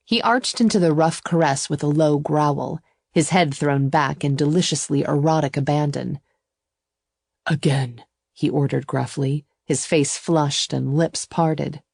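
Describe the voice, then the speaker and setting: A woman narrating a first-person romance audiobook in an even, intimate storytelling voice. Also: deep voice, no room sound, studio quality.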